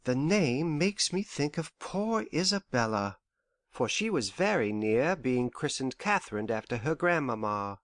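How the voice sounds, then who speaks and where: An actor playing a gentle, anxious elderly father who frets and complains softly in an audiobook. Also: mid-range voice, sing-song, measured pace, no echo, clean studio sound. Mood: fretful. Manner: worried, lingering, softly complaining. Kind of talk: audiobook character voice.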